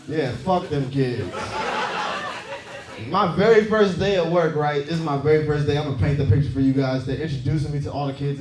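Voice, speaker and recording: A man's voice: a little high, noisy background. A man doing a stand-up set, brash and profane, teasing the crowd from a comedy club stage. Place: comedy club stage before a laughing audience. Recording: roomy club sound with crowd laughter.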